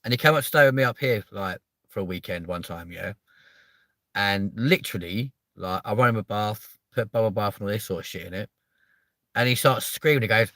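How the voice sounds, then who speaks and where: A man's voice: fairly low pitch, brisk, pushed and bright, no echo. A young man, chatting casually to viewers on a live stream, rambling and swearing his way through stories.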